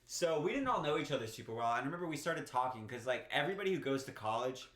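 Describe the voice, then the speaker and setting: A young man co-hosting a casual podcast, animated and laughing often as he tells a college story. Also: medium pitch, fast talker, reverberant. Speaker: podcast co-host. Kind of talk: casual chat, telling a story.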